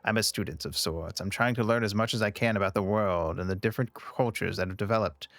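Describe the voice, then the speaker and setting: A man voicing a calm, courteous male scholar who speaks in a measured, lecturing way. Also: fairly low pitch, dry recording, faint music behind.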